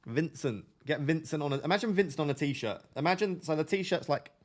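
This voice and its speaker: A man's voice: on the high side, expressive, a little fast. Chatty nasal man streaming live. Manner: chatty, jokey, drifts between topics. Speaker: fantasy football live streamer. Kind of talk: casual live stream, reading chat aloud. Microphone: desk microphone.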